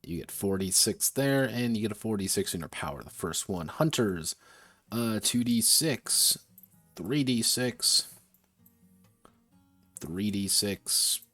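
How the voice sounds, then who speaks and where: Low-voiced man musing over game stats. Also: lively intonation, takes it slowly, long pauses, fairly bright tone, no echo, soft background music. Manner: muttering, self-correcting, casual swearing. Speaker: game designer streaming his work. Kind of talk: thinking aloud while designing a tabletop game.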